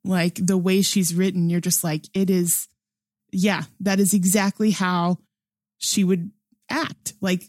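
A woman's voice: fairly low pitch, flat delivery, slow pace, darkish tone, no echo, clean studio sound. A young adult woman chatting casually about a movie, enthusiastic and laughing often, with lots of fillers. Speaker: film discussion panelist. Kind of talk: casual film review chat.

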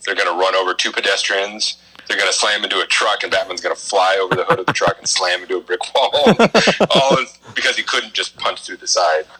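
Male co-host, very low and husky, fast talker, dry sarcastic wit. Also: animated, a loud crowd, rough recording. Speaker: podcast co-host. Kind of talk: casual podcast chat.

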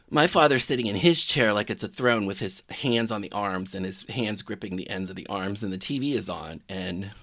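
A middle-aged man telling a personal story in a halting, reflective way that often trails off quietly. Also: fairly low pitch, no echo. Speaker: podcaster telling his own story.

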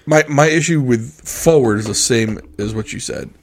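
A man's voice: mid-range voice, moderate pace. Teasing man in casual chat. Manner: teasing, playful. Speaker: podcast co-host. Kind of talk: casual chat over beers.

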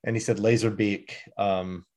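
A man's voice: medium pitch, expressive, normal speed, a little mellow. A man co-hosting a podcast in casual chat, joking and filling his speech with "uh"s and "um"s. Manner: joking, laughs often, fillers. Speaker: podcast co-host.

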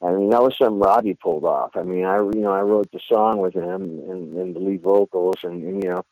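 A man's voice: deep voice, brisk, dry recording, phone-quality sound. A male singer being interviewed, chatting casually and rambling with lots of "you know" fillers. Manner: animated storyteller. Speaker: band singer, interview guest.

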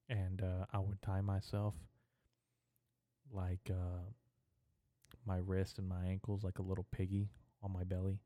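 Brief: young male podcast host, crude rambling comedic monologue, low-pitched and dry close sound. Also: mellow, no room sound. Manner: profane, rambling, stream-of-consciousness.

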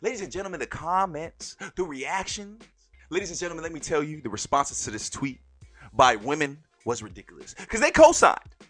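A young adult man hosting a podcast, telling stories in an animated way and often calling out "ladies and gentlemen". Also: a little high, brisk, faint music behind. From born in Turkey, raised overseas in a military family. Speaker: podcast host. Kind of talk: solo podcast monologue.

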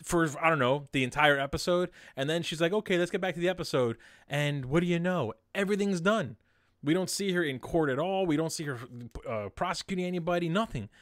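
A man co-hosting a casual podcast chat, ranting in an animated, sarcastic way. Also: on the high side, fairly quick, no room sound, clean studio sound. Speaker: podcast co-host.

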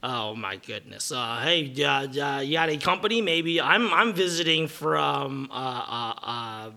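A man's voice: mid-range voice, expressive, a little slow, gravelly, sharp tone. A man improvising a scene at a bar, hesitant with many fillers and narrating his own moves. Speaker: improv performer.

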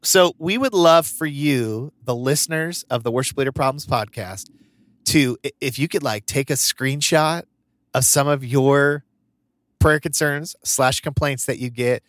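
A man co-hosts a podcast in relaxed, casual chat, telling funny stories and often breaking into laughter. His voice sits in a middle register, and the sound is dry and close. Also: mid-range voice, a little slow, dry recording. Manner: chatty storyteller, laughs often. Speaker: podcast co-host.

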